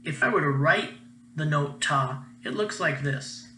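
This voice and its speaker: A man's voice: fairly high pitch, lively intonation, measured pace, pushed and bright, reverberant, slight background noise, low-quality recording. A young man, a music teacher, giving a patient, encouraging recorded class lesson.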